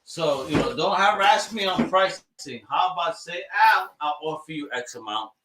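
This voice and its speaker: A man co-hosting a live show, chatting excitably in slang while selling comic books. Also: fairly high pitch, normal speed, echoey room, background noise. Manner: excitable, slangy, says "bro" and "yo". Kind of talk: casual live show chat.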